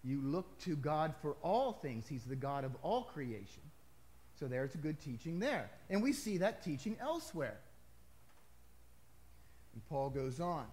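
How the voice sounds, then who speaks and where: A man's voice: a little high, very animated, a little slow, a little mellow. A male pastor preaching a sermon to his congregation in a conversational way, with emphatic rises and casual asides.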